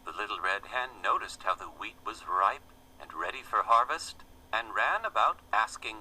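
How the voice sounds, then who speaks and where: A man reading a children's fable aloud in a gentle, expressive storybook manner. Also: on the low side, moderate pace, hardly any pauses, husky, rough recording.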